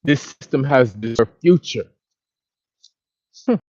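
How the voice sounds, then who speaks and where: A man talks into his phone outdoors by the water, venting at length in a frustrated, repetitive way. His voice sits at a middle pitch. The sound is dull and lo-fi, with almost no room echo. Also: lively intonation, slow pace, a little mellow. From Dallas, Texas. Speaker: vlogger. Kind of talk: casual outdoor monologue to a live chat. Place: outdoors by a lake or river.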